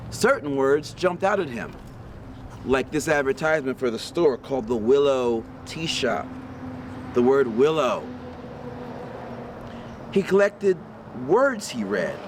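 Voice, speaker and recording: A man reads a picture book aloud to children, taking his time over each word and stopping to ask them questions. He sits outdoors in a park on a windy day, with faint street noise and passing cars behind him. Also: mid-range voice. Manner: slow, lively read-aloud with questions to young listeners. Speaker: storybook reader for children. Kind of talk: read-aloud storytelling.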